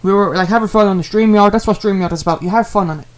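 A man's voice: sits high, racing. A man, a streamer talking casually and earnestly, rambling and repeating himself with many fillers as he apologizes to a viewer.

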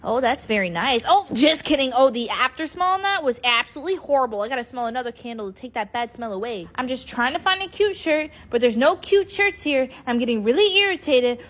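Excitable young woman chattering to herself. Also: high voice, brisk, few pauses. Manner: chatty, excitable, gasping at things. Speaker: comedy creator. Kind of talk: comedy skit monologue.

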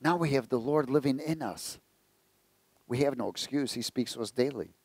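A man's voice: medium pitch, moderate pace, darkish tone, slightly rough, dry recording. A man preaching a conversational sermon, telling jokes and asking the congregation questions. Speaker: pastor.

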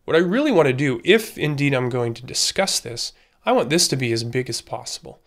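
A man narrating a screen-recorded tutorial, thinking aloud in a relaxed way with plenty of fillers as he works. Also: medium pitch, fairly quick. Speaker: instructor.

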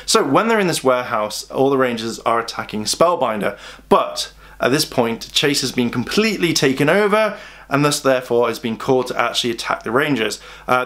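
A man's voice: medium pitch, fairly bright tone. A young British man, a fan reviewer, recapping episodes in a casual, chatty way. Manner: chatty, acts out characters' lines in quick put-on voices.

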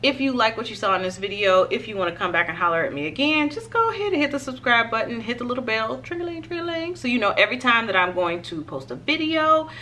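A woman fashion vlogger chatting casually to her viewers in a try-on haul, expressive and direct. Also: on the high side, quick pace, few pauses, a little hiss or hum.

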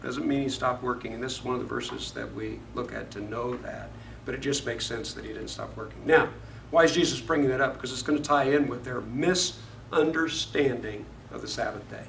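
A man's voice: medium pitch, brisk, creaky, few pauses, a bit bright, a little hiss or hum. Man teaching a Bible class, echoey room. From Florida. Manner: conversational, asks the class questions. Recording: echoey room, mic far off.

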